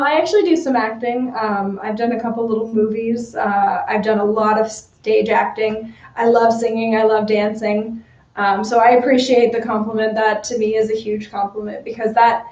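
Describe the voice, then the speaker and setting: A giggly, chatty woman talks casually about her cosplay work, her voice a touch high and soft-edged. She sounds far from the mic, in an echoey room, and the audio is dull like a livestream. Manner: chatty, giggly, many fillers. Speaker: cosplay model. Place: room with a bar.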